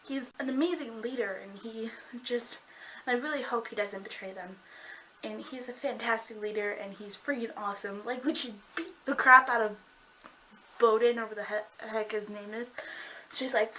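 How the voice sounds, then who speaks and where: A woman rambles through a casual book review vlog, gushing and excitable and constantly saying "like." Her voice sits fairly high and sounds bright and sharp. A faint ambient hiss is heard behind her. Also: poor audio. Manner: gushing and excitable, heavy use of "like".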